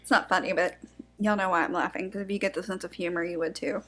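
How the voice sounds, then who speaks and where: A woman's voice: lowish voice, steady tone, quick pace, a bit bright. A woman co-hosting a true-crime podcast in casual chat, emotional and outspoken, with the odd curse word. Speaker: podcast co-host.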